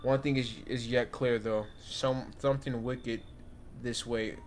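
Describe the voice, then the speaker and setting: A man reads a mysterious prophetic stranger, hushed and solemn, pausing over each dire line. It sounds like a strange visitor in a horror game. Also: medium pitch, flat delivery, slight background noise, natural voice.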